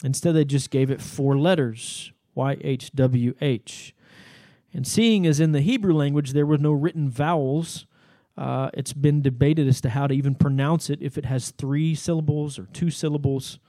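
A man's voice: a little high, steady tone, normal speed, warm tone, no echo. A man giving a Bible teaching sermon, explaining the text in a conversational way with fillers and asides. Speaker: pastor.

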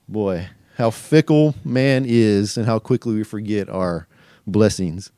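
A man's voice: lowish voice, slow, mellow, no room sound, clean studio sound. A middle-aged man preaching a verse-by-verse sermon, asking rhetorical questions and acting out quoted voices. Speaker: pastor and teacher.

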